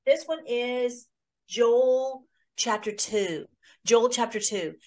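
A woman's voice: a little high, takes it slowly, darkish tone. A woman hosting a conversational Bible teaching, reading scripture aloud and commenting earnestly with many fillers. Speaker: host.

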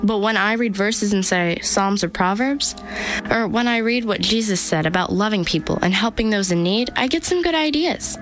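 A woman's voice: mid-range voice, animated, moderate pace, low-quality recording. Woman reading a faith reflection, faint music under. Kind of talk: scripted testimony.

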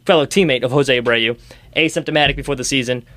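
A man's voice: medium pitch, fast, pushed and bright, no room sound. A young man hosting a casual sports talk show, rambling and ranting with sarcastic jabs. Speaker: sports podcast host.

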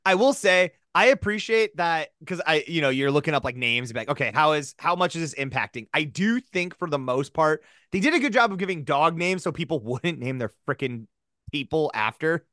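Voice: mid-range voice, expressive, normal speed, a bit bright, no echo, clean studio sound. A podcast co-host in casual chat, rambling and cutting themselves off, often laughing mid-sentence. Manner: rambling, self-interrupting, laughs while talking.

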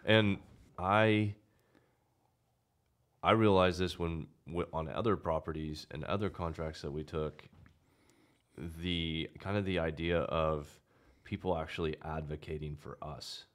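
A former police officer turned security guard, reflecting thoughtfully in a casual conversation. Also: male voice, low-pitched, fairly even intonation, unhurried, pauses often, a bit bright. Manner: reflective, agreeing with short affirmations.

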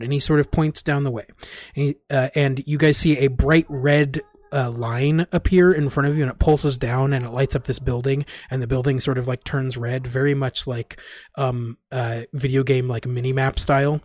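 A man narrating a tabletop game as game master, halting and full of fillers. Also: medium pitch, steady tone, a little mellow, no room sound, clean studio sound.

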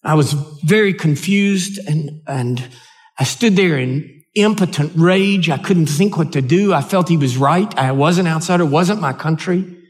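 An older man with an American accent, preaching a sermon and telling a personal story in an earnest, halting way, often restarting his words. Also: fairly high pitch. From United States. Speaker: pastor.

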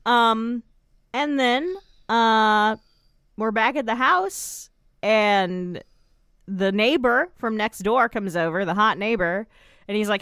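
A woman's voice: medium pitch, slow pace, a bit bright, clean tone, no room sound, studio quality. A young woman co-hosting a podcast, recapping a TV episode in a chatty, rambling way. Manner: chatty, rambling, lots of fillers and asides. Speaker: podcast co-host. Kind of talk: casual chat recapping a TV episode.

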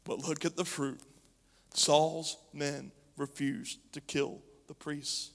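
Male preacher, fairly high voice, emphatic sermon delivery, long hall reverb. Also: little pitch movement, slow, vocal fry. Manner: emphatic, reading scripture and preaching directly to the room.

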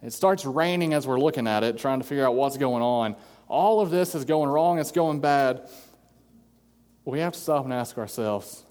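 A man's voice: medium pitch, lively intonation, fairly quick, a little mellow. Man preaching in a reverberant hall. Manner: earnest preaching, acts out quoted voices. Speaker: pastor. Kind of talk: sermon.

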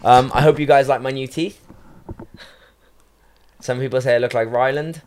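A man's voice: medium pitch, fairly even intonation, normal speed, darkish tone, slight background noise. A young man hosting a casual podcast, telling jokey stories and laughing often. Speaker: podcast host.

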